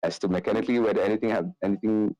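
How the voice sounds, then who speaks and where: A man with a very low voice narrates a tabletop game as game master. He talks loosely, filling his lines with ums and uhs. The sound is dry and close. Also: very fast, no room sound, lo-fi sound. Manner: loose, relaxed narration with many fillers.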